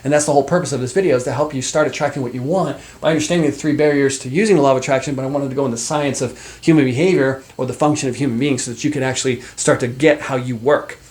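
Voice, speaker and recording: Animated man, life coach. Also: mid-range voice. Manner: animated, conversational, many fillers and asides. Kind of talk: motivational talk to camera.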